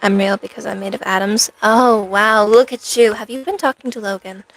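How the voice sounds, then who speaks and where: A woman's voice: mid-range voice, steady tone, moderate pace. A woman livestreaming in cosplay at home, chatting with viewers in rambling, sarcastic banter. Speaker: streamer. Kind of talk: in-character cosplay stream chat.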